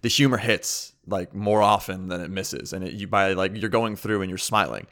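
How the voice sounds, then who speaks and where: A man's voice: low-pitched, normal speed, fairly bright tone. A man hosting a podcast interview, asking long, rambling, chatty questions. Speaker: podcast host. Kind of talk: casual interview.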